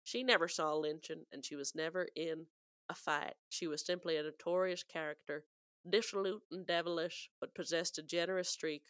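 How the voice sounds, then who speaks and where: A woman voicing a gruff American frontier man with a put-on Southern drawl and a slow, deliberate delivery. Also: low-pitched, fairly even intonation, a bit bright, no room sound. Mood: stern.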